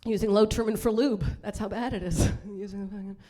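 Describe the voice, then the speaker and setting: A woman's voice: medium pitch, fairly even intonation, a little fast, mellow. A woman performing a bawdy live stand-up set in a comedy club, brash and laughing at her own jokes.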